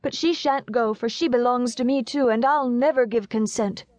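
A woman voicing an excitable young boy who protests vehemently in an audiobook story. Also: fairly high pitch, moderate pace, no room sound, pitched above the performer's own voice, close to an everyday voice. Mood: indignant. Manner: vehement pleading outbursts.

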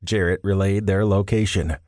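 A man narrates an audiobook in a steady, measured way, his voice on the low side. The studio sound is close and dry with no room echo. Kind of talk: scripted narration. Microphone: studio microphone.

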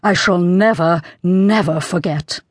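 A woman doing a slow, grumbling chess king. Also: medium pitch, big pitch swings, warm tone, no echo, studio quality. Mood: fretful. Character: sulky, timid small chess king.

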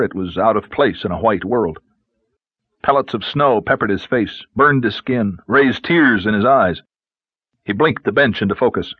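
Low, husky male audiobook narrator. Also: dry recording, highs cut off. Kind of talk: scripted narration.

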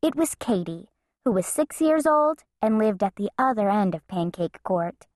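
Expressive woman reading a children's story. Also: mid-range voice, normal speed, dry recording, clean studio sound. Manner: expressive, playful. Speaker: audiobook narrator.

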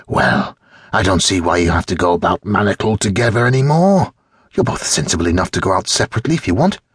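A man voicing a brisk, practical mother in an audiobook. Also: sits low, animated, breathy edge, dry recording, clean studio sound.

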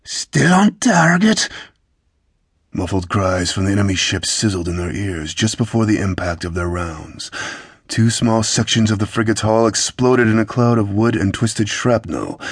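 Low husky male audiobook narrator. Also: dry recording, clean studio sound. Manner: measured, steady storytelling. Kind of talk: scripted fantasy audiobook narration.

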